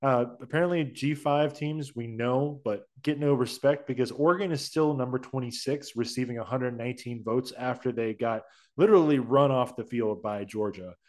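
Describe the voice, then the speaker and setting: A young man co-hosting a casual sports podcast, chatting in a rambling way that trails off quietly. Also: medium pitch, moderate pace. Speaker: podcast co-host.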